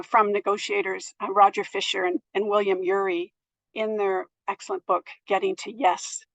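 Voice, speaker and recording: A middle-aged woman giving a presentation on board governance in a thoughtful, gentle way, with many fillers and restarts. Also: medium pitch, dry recording, poor audio. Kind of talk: presentation to an audience.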